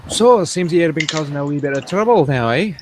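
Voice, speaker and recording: A man voicing a talkative male dwarf adventurer, loud and folksy with dropped grammar. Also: animated, fast, noisy background, close to an everyday voice. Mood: gruff. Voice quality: rough folksy speech, drops grammar. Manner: loud and raised in pitch.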